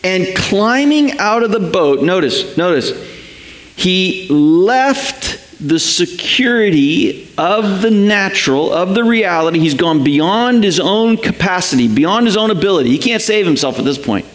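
A man preaching a sermon, animated, repeating words for emphasis and checking in with "right?". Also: high voice, a little slow, roomy sound, rough recording. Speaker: pastor.

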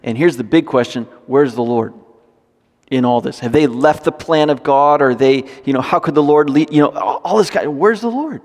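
A man preaching a sermon, reading scripture and breaking into animated, joking asides. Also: medium pitch, normal speed. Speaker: pastor. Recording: long hall reverb.

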